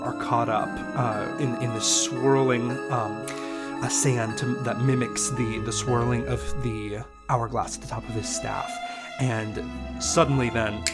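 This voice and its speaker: Man game-mastering over loud music. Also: medium pitch. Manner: descriptive, meandering narration full of ums. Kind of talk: narrating a tabletop game. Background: loud background music.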